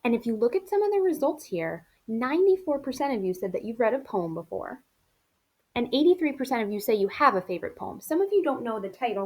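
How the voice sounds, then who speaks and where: A woman's voice: a little high, a little mellow. A woman teacher giving a virtual reading lesson to her young pupils, in a friendly, encouraging way. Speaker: elementary school teacher.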